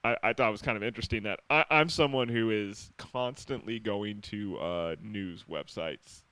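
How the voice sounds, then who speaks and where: A man co-hosting a podcast in casual chat, laughing often and acting out quoted lines in a higher voice. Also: moderate pace, bright, forceful tone, smooth, dry recording. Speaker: podcast co-host.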